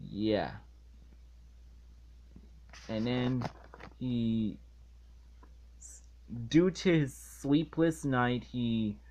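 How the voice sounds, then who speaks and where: A man giving a ranting episode review in an exasperated, halting way, often restarting his phrases. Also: mid-range voice. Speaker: online reviewer.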